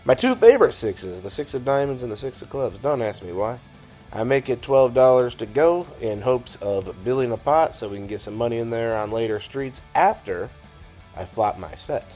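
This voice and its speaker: A hoarse man with a raspy, scratchy voice, narrating his poker hands in a casual, wry voice-over. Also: medium pitch, animated, normal speed, a little mellow, soft background music. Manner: casual, wry, self-deprecating. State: hoarse, dry scratchy throat. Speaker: poker vlogger.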